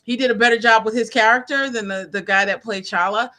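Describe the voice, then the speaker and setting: Bright-voiced, high woman interviewer. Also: fairly even intonation, quick pace. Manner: chatty, laughs often, trails off mid-sentence. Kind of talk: casual chat about films.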